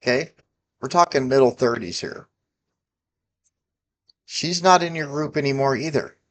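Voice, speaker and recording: A man's voice: medium pitch, unhurried. Heated, profane man ranting. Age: 40s. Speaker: political vlogger ranting. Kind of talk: angry political rant to camera.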